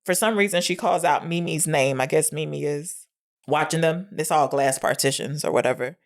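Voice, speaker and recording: A woman co-hosting a podcast, retelling a film's scenes in a lively, casual way, laughing often and swearing freely. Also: sits low, moderate pace. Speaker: podcast co-host. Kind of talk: casual movie recap chat.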